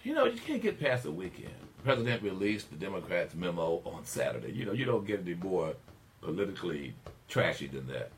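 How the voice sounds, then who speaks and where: Deep-voiced older man hosting talk radio. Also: sing-song, a little fast, creaky, a little hiss or hum. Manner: emphatic preacher-like delivery, swelling to near shouting on key points. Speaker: radio talk show host. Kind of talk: opinionated call-in radio monologue.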